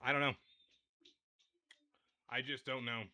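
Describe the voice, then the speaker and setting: A man's voice: mid-range voice, level tone, takes it slowly, sharp tone. A young man hosting a livestream, ranting and rambling in a repetitive, fed-up way while addressing his viewers directly. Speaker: livestream host.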